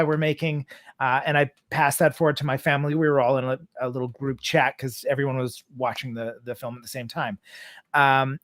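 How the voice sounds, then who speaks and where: A man's voice: a little high, fairly bright tone, dry recording. Man from Canada, guest on a video call: chatty storyteller, fillers and laughs, dry sound. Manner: rambling, full of fillers, breaks into laughter. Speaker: guest actor. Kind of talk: casual storytelling on a video chat.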